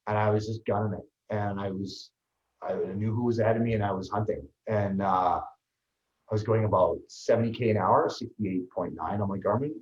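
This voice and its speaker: A man, a guest on an interview show, telling his story in a lively, fast way with many restarts. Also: lowish voice. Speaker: guest, ultraman athlete and trainer. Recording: roomy, slightly dull sound.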